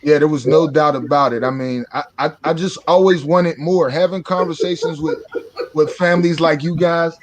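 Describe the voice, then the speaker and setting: A man's voice: a little high, fairly even intonation, moderate pace, crowd noise. A middle-aged man from Pittsburgh, a former student, telling stories in casual chat and laughing often. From Pittsburgh, USA.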